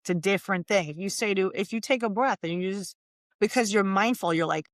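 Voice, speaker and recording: A woman's voice: mid-range voice, brisk, no room sound, clean studio sound. A woman who is a relationship coach, a guest on an interview show, speaking emphatically and acting out little scenes. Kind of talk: casual interview chat.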